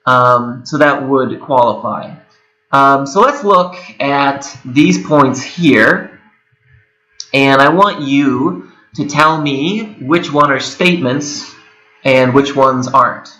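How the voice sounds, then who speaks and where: Man, twenties, lecturer, casual self-correcting delivery, bright voice, echoey room with whirring hum. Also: mid-range voice, slow pace. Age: 20s. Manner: conversational, with frequent fillers and self-corrections. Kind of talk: recorded video lecture.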